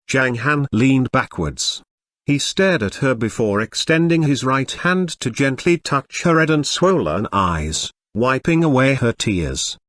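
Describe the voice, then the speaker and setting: A synthetic male narrator reading a web novel audiobook in a steady storytelling manner. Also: mid-range voice, no room sound, clean studio sound.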